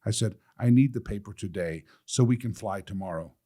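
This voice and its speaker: Man telling a lively personal story. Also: fairly quick. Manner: lively, quotes others with changes of pitch and loudness, laughs often. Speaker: guest telling his story. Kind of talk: animated storytelling.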